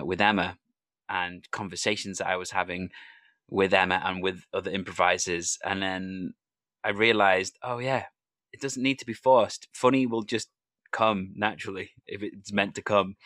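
A man's voice: low-pitched, fairly even intonation, measured pace, pushed and bright, no echo. A man hosting a casual interview, telling stories and acting out the lines people said to him. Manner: tells anecdotes, acting out quoted dialogue. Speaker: podcast host interviewing an improviser.

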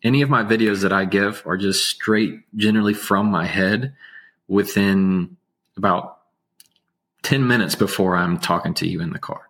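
A man speaking as an interview guest, an attorney, with a calm, soothing low voice and slow, measured delivery. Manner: slow, measured, unhurried speech. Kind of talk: casual interview talk.

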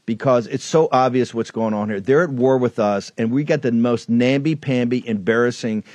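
A male talk show host delivers a heated, rambling monologue, stumbling over his words as he gets worked up. His voice sits at a middle pitch. It is recorded close and dry. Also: moderate pace, darkish tone, no room sound. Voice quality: rambling, fired up, frequent restarts.

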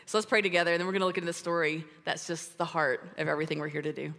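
A woman preaching to a roomful of women, casual and animated, leaning on "like" and "right?". Her voice sits a bit low and echoes through a large hall with a long reverb. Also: racing, hardly any pauses. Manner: animated and conversational, with lots of "like" and "right?". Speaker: women's ministry speaker. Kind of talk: sermon. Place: large room full of women at a church gathering.

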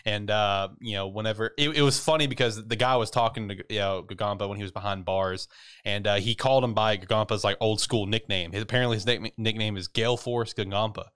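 A man's voice: fairly low pitch, fairly even intonation, fast talker, a bit bright, clean tone. A man co-hosting a podcast, recapping an anime episode in casual, rambling chat, swearing freely and laughing often.

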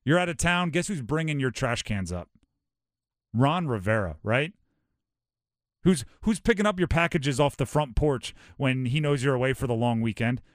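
A man from Hawaii hosting a sports talk show, animated and rhetorical, often acting out quotes. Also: medium pitch, moderate pace, no echo, clean studio sound.

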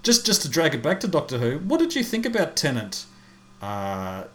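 A man's voice: a little high, huge pitch swings, normal speed, a bit bright. Hesitant man chatting casually. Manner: chatty, hesitant, stumbling over words. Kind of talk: casual chat.

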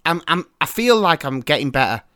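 A man's voice: on the high side, very animated, brisk, pushed and bright, clear, resonant tone, dry recording, clean studio sound. A man hosting a podcast, chatting casually and joking at his own expense with nervous restarts. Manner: joking, self-mocking, restarts when nervous. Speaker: podcast host. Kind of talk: casual chat.

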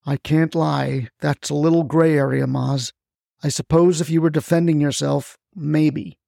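A man doing a calm, steady officer. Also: on the high side, measured pace, gravelly, no echo, studio quality. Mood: hedging. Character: man, law officer, steady and level-headed.

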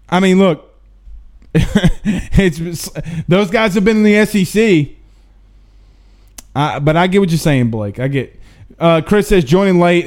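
On a live-streamed sports talk show, the male host reads viewer questions in a drawling, down-home way and keeps the chat casual. His voice is on the high side with a clean tone, and he's animated, tossing in folksy asides.

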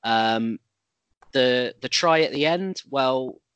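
A man's voice: mid-range voice, slow pace, fairly bright tone, smooth, dry recording, highs cut off. Man, casual sports chat, rambling, dry. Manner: chatty, rambling with restarts. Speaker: podcast co-host.

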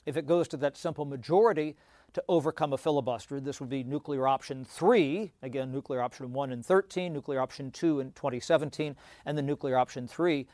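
A man explaining politics as a guest analyst, talking quickly with stammered restarts and many "you know" fillers. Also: mid-range voice, darkish tone, dry recording.

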